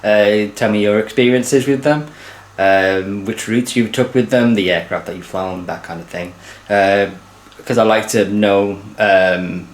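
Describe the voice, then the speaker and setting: A young man talks casually through his travel plans, scattering "uh" fillers as he goes. His voice sits fairly low, and it rings with a noticeable room echo. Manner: chatty, lots of uh fillers. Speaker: aviation vlogger. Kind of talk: casual travel vlog to camera. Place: airport.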